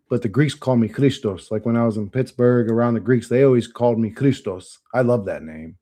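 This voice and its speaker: A man's voice: medium pitch, lively intonation, fairly quick, hardly any pauses, warm tone. A man rambling casually to his stream chat, swearing and laughing often. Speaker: channel host.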